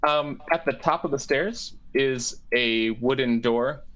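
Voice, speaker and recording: A man's voice: medium pitch, slow, a bit bright, low-quality recording. A man running a tabletop game as game master, describing rooms with lots of fillers and self-corrections.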